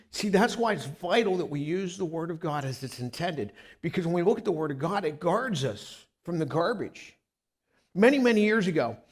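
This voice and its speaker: A middle-aged man preaching as a pastor, with a conversational storytelling manner that often repeats words at the start of sentences. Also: fairly high pitch. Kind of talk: storytelling sermon. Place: church sanctuary.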